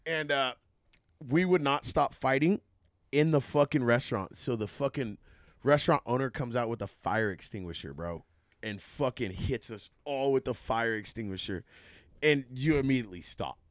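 A young adult man telling profane stories in casual chat, laughing often and talking in an animated way. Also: mid-range voice, normal speed, no room sound, clean studio sound.

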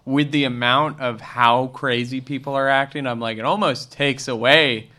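A man's voice: medium pitch, fairly even intonation, normal speed, pushed and bright. A man co-hosting a podcast, casually recapping a film with sarcastic asides and exaggerated quoted reactions. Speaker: podcast co-host. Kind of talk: casual movie recap chat.

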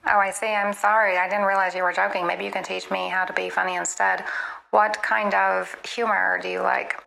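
A woman's voice playing an earnest, literal chatbot assistant in a comedy skit, polite and quick to apologize. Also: medium pitch, flat delivery, creaky, pushed and bright, slight background noise, low-quality recording.

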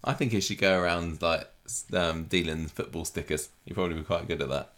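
Man, podcast co-host, very low voice, dry and understated. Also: steady tone, fairly quick, a bit bright. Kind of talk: casual chat.

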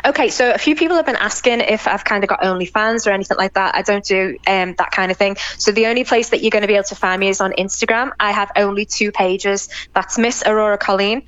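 A British woman chats warmly and effusively as an interview guest, laughing easily between thoughts. Her voice sits in a middle register. The call audio is slightly dull. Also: mid-range voice, fast, few pauses, clean tone, no room sound. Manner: chatty, effusive, laughs often. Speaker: interview guest, pinup model. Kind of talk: casual chat. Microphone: call recording.

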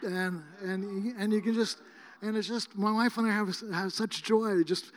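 Middle-aged male pastor, high-pitched, animated storyteller, long hall reverb. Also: unhurried. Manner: animated, acts out both sides of conversations. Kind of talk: sermon storytelling.

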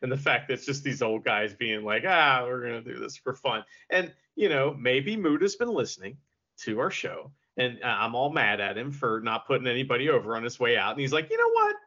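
A man's voice: mid-range voice, lively intonation, fairly quick, bright, forceful tone, slightly rough, lo-fi sound. A man co-hosting a wrestling podcast, bantering and laughing in casual chat. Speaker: podcast co-host.

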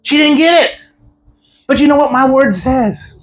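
High-voiced man preaching an animated sermon. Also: a little slow, soft background music, low-quality recording. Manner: animated, laughs often, bursts into shouts. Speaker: evangelist preaching a healing service. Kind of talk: sermon told as a lively story. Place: church service before a congregation.

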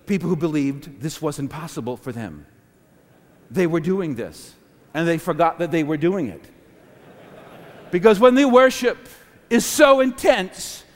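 A high-pitched, lively male preacher delivers a sermon that lurches from loud, ringing peaks down to soft, murmured lines. His voice rolls through a long reverb, as if filling a big auditorium. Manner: dramatic swings from booming to hushed, laughing between phrases.

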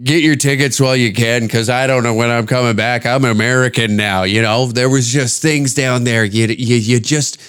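A man's voice: mid-range voice, fairly even intonation, normal speed, hardly any pauses, fairly bright tone, clear, resonant tone. A man, a podcast host and stand-up comedian, riffing in a profane, rambling, jokey comedic monologue. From Canada.

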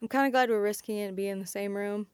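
A woman hosting a podcast in casual chat, talking in quick bursts with lots of fillers and restarts. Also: medium pitch, fairly even intonation, clean tone, no echo. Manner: chatty, frequent fillers and restarts, laughs easily. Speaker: podcast host.

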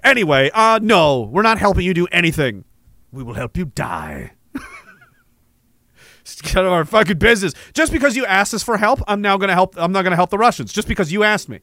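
A male livestream host reads out viewer messages and riffs on them, cursing, rambling and breaking into laughs. His voice sits high and moves in lively leaps, with a bright edge. The sound is dry and close. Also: brisk, dry recording. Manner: profane, rambling, laughs often. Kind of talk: casual livestream chat.

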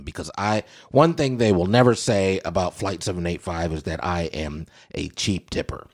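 A man's voice: low voice, moderate pace, hardly any pauses. A young adult man hosting a podcast, talking in a playful, digressive, joking way. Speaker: podcast host. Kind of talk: casual comedic chat.

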